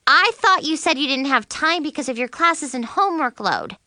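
Woman doing a wounded, earnest teen best friend for a storybook, voice raised high and bright. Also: animated, normal speed, no echo, clean studio sound. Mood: hurt. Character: hurt teenage girl, earnest best friend.

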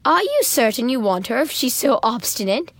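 A woman's voice: on the high side, big pitch swings, normal speed, fairly bright tone, no echo. A woman doing a haughty, commanding stepmother. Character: pompous, greedy stepmother, middle-aged woman.

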